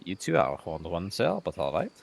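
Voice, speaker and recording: A man's voice: low voice, huge pitch swings, moderate pace, gravelly, full character voice. A man playing a pompous male adventurer with a French accent while gaming, music behind. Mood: theatrical. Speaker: podcast player. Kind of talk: tabletop-style game role-play.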